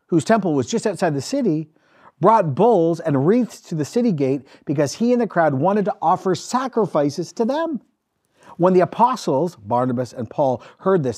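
A male pastor preaching a sermon, telling a story with emphatic, animated delivery. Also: a little high, slightly rough.

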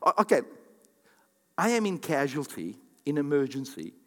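Pastor, male, high-pitched, animated preaching in a reverberant church hall. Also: moderate pace. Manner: animated, acts out quoted voices, repeats for emphasis. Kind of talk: sermon.

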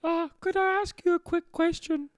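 A performer voicing a confused woman caller with an Australian accent, hesitant and halting as she talks. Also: very high voice, steady tone, dry recording, clean studio sound, pitched above the performer's own voice. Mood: chirpy.

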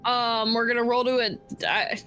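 A woman's voice: fairly high pitch, fairly even intonation, moderate pace, sharp tone, a little hiss or hum. A woman narrating as game master of a tabletop game, hesitant, with many fillers and restarts.

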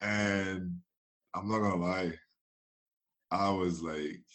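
A man's voice: sits low, takes it slowly. A young man, a former footballer telling stories in a casual chat, acting out dialogue and laughing often. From France. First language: French. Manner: animated storytelling, acts out dialogue, laughs often.

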